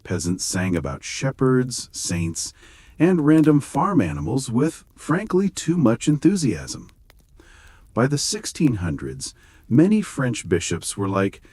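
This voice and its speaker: A man reading a scripted bedtime history story with wry, gently sarcastic humor. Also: medium pitch, huge pitch swings, slow pace, breathy edge, dry recording. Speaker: narrator.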